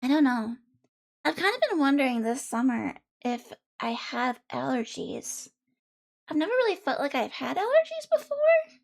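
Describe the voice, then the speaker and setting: A woman's voice: sits high, sing-song, moderate pace, creaky. A woman streamer chatting casually and bubbly with her viewers, a bit congested. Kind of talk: casual live-stream chat.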